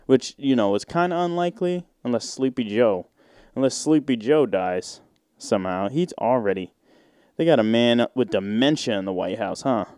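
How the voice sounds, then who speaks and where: A man from the United States hosts a solo podcast, ranting casually and indignantly with lots of swearing and filler words as he rambles. His medium-pitched voice is animated, clear and resonant with a darkish tone, at normal speed. The recording is dry and studio quality.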